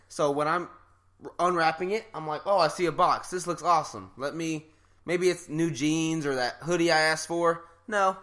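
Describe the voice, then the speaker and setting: A young man with a bright, forceful voice, chatting casually on a podcast. He tells stories animatedly and laughs often, with his voice sitting a little high. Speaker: podcast co-host. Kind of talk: casual chat.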